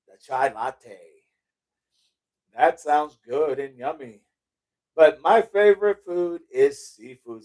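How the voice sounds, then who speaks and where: A man's voice: on the high side, a little mellow. A middle-aged man hosting a casual livestream, reading out viewer chat and rambling off on tangents, laughing and swearing casually. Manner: rambling, loses his train of thought, laughs and swears casually.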